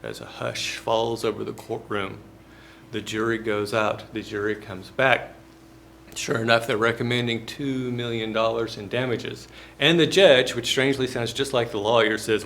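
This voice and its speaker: A male business professor, lecturing through a folksy, joking story. His voice sits at a middle pitch and moves in a relaxed conversational way, with a faint steady hiss behind it. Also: measured pace, vocal fry.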